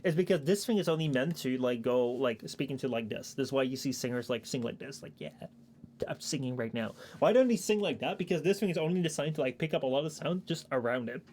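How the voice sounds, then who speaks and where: A man's voice: a little high, animated, fast talker, few pauses, darkish tone, slight background noise. A young man chatting casually on his stream, rambling with lots of fillers and casual swearing, into a shotgun mic at his home desk. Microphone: shotgun microphone at a streaming desk.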